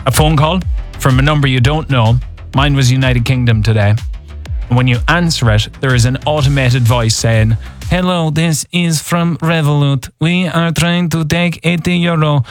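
Male radio host, casual chat, wry storytelling, studio mic, faint music under. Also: mid-range voice. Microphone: studio microphone.

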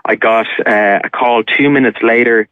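A man's voice: medium pitch, fairly even intonation, moderate pace, clean tone, dry recording. A man calling in to a radio show, telling a long personal story in a rambling way full of uh fillers. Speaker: caller sharing a scam story. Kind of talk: casual phone-in storytelling. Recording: phone line.

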